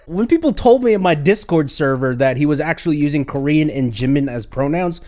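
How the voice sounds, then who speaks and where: A man's voice: on the high side, animated, a little fast, darkish tone. An American man hosting a reaction video, teasing and laughing as he mocks what he watches. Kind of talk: mocking commentary.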